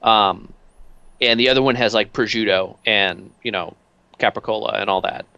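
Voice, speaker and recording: A man narrating a tabletop role-playing game as game master, casual and halting with many fillers. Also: lowish voice, gravelly, pushed and bright, clear, resonant tone, dry recording, lo-fi sound.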